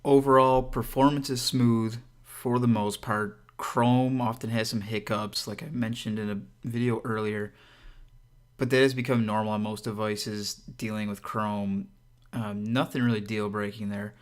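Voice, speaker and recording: A man's voice: lowish voice, fairly even intonation, measured pace. A man hosting his own channel and giving a casual product review, talking to viewers in a conversational, upbeat and direct way, with frequent asides. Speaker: tech reviewer and channel host.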